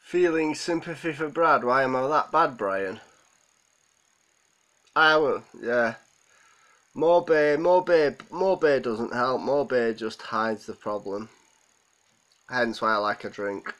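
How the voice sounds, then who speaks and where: A man's voice: medium pitch, slow, pauses often, bright, forceful tone, low-quality recording. A man hosting a live stream, holding back tears as he rambles and answers viewers' comments. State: close to tears. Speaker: livestream host. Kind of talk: emotional live stream chat.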